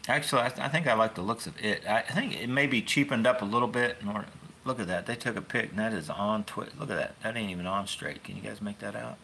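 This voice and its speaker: A man's voice: fairly low pitch, fast, gravelly, pushed and bright, slight background noise. A man hosting a fishing channel, chatting casually into his phone in a rambling, folksy way with wry asides. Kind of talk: casual rambling livestream chat.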